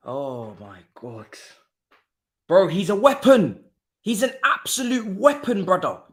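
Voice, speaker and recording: A young man calls a football match live for a stream, his voice pitched high and swinging widely as he exclaims in street slang. Between the outbursts he drops into low muttered asides to himself. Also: a bit bright. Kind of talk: live football watchalong commentary.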